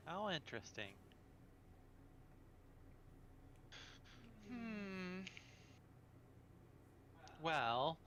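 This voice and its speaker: A sultry female dealer in spirits, put on by a man running a tabletop game, drawling slow and coaxing. The tone is bright and lively, with a faint hum of room noise behind it. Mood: teasing. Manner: teasing, coaxing, low and slow.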